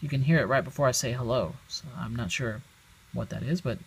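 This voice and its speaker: A man's voice: mid-range voice, a little fast, creaky, slightly rough. A man giving a casual how-to demonstration, explaining each step plainly and thinking aloud. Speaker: product demonstrator. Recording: very noisy home recording.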